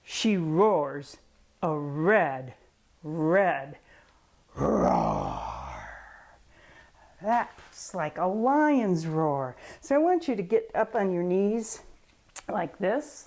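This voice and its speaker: Woman, children's yoga teacher, storybook reading, unhurried delivery, encouraging, mid-range voice. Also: mid-range voice, dark tone. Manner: patient, encouraging coaching of children.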